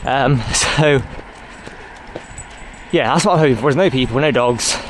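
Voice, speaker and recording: A man's voice: medium pitch, unhurried. A man rambling casually as he walks his dog along a road, talking to the camera and coaxing the dog. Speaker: vlogger. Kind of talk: casual walking vlog. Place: outdoors on a roadside walk. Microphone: handheld camera. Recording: noisy outdoor recording. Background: outdoor noise, dog.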